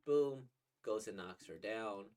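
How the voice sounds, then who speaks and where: A man's voice: lowish voice, animated, moderate pace. Rambling young man reacting to manga. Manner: rambling, many restarts and laughs. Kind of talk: casual reaction commentary.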